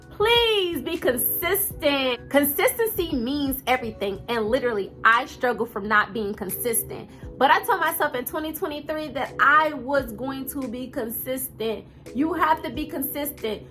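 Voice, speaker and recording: A woman's voice: high-pitched, pushed and bright. A woman in her thirties with a twang, talking earnestly and directly to camera as a motivational vlogger, casual and full of fillers. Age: 30s.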